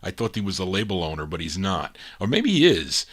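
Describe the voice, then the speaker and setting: A man's voice: low voice, big pitch swings, a little fast, fairly bright tone, slightly rough. A man hosting a record show, introducing songs in casual, chatty patter and correcting himself along the way. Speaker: radio show host spinning records.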